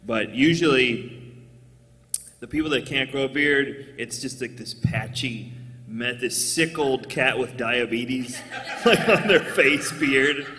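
A man doing a live stand-up comedy set on stage, jokey, often jumping into squeaky put-on voices. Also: slow pace, sharp tone, big-room sound, slight background noise.

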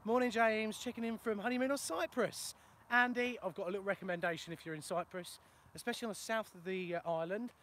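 High, bright-voiced man. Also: fast talker, few pauses. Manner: chatty, self-mocking, answers viewer questions. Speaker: plumber and video host. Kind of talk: casual live-stream chat while walking. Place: outdoors in a ploughed field in the countryside. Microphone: phone for a live video.

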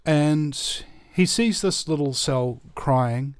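Slow, rambling New man. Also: medium pitch, dry recording, studio quality. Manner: rambling, many fillers and restarts, animated storytelling. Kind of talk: casual chat, storytelling.

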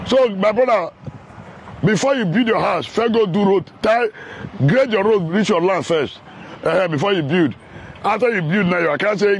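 A man's voice: high-pitched, a little hiss or hum. A man with a Nigerian accent, vlogging outdoors on a road under construction in casual, teasing, sometimes heated commentary.

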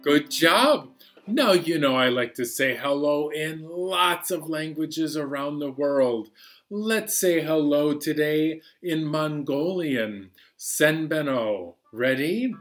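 A man hosts a children's storytime in an unhurried, cheerful sing-song. His voice sits a touch high, and he lingers on each phrase. A faint banjo plays behind him. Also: lively intonation, a bit bright, faint music behind. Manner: slow, cheerful, sing-song delivery to kids, playing banjo. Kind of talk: singing and talking to young children. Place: library storytime video. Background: banjo accompaniment.

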